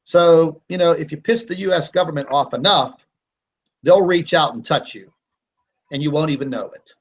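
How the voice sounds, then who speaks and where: A man's voice: on the high side, moderate pace, husky, dull audio. Defiant man hosting a live online hangout. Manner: defiant, combative rant with frequent fillers. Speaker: host of a live online broadcast.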